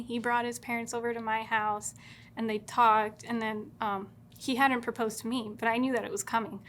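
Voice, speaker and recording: Bubbly high-voiced young woman storyteller. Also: slight background noise. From California. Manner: bubbly, giggly, animated quoting of herself and her partner. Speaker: bride-to-be telling their love story. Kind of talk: casual storytelling on camera. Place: video studio.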